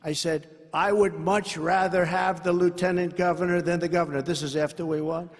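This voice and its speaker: A man's voice: sits high, steady tone, moderate pace. An older man with a New York accent giving a rambling, boastful rally speech and making asides to the crowd. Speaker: political speaker at a campaign rally. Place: large rally venue. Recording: echoing hall with faint ambience.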